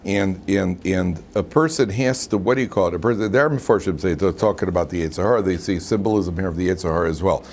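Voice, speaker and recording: Man, rabbi, informal class, lively questioning, classroom, faint noise. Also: deep voice, quick pace, creaky, hardly any pauses. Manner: lively, asks the class questions, frequent "right?".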